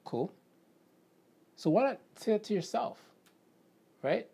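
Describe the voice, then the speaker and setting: A Canadian podcast host's husky voice sits high yet has a dark, creaky tone, moving slowly with big pitch swings. In his casual solo talk on self-help he rambles, using lots of fillers and "right?", asking himself questions, and acting out quoted friends.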